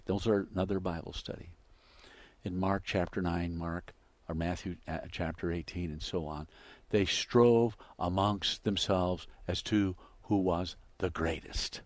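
A low-pitched man delivers a sermon with dramatic swings in volume, acting out the lines of the people he quotes. The sound is dry and close, with no room echo. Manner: dramatic, acts out quoted dialogue with wide swings in loudness. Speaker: preacher.

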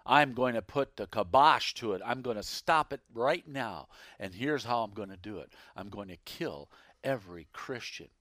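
A man voicing the devil as a scheming, murderous spirit, speaking low and hushed. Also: animated, normal speed, dry recording, studio quality, lightly acted.

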